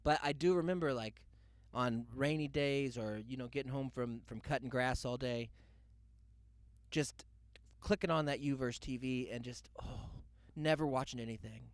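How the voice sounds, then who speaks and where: A man's voice: medium pitch, moderate pace, clean tone, no echo. A young man hosting a podcast, telling a loose comic story full of asides and mock quotes. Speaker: podcast host. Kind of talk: rambling comedic monologue.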